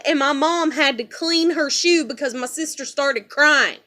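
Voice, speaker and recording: A woman's voice: high-pitched, normal speed, few pauses, pushed and bright. A woman venting bitterly in a vlog, swearing heavily and rambling with lots of fillers. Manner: heavy swearing, rambling with "you know" fillers; bitter and heated. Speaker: vlogger. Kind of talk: angry personal rant.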